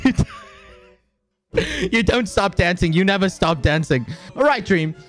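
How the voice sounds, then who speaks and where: A young man streaming a game, laughing constantly, shouting and swearing in chaotic banter. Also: high voice, very animated, unhurried. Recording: game music behind.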